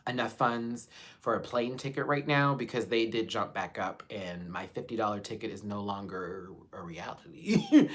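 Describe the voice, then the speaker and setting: A man chatting on his own live stream with a lively, bouncing pitch that swings up and down as he talks. His delivery is loose and expressive, and he curses casually and calls his viewers y'all. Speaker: channel host. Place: seated at home in a chair.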